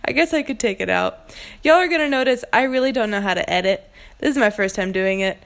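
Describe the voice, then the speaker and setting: A woman's voice: medium pitch, animated, fairly quick, creaky, a bit bright. An American woman narrating her cooking video in a casual voiceover, joking at her own mistakes. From United States. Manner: self-mocking, joking. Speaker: cooking vlogger. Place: home kitchen, recorded voiceover.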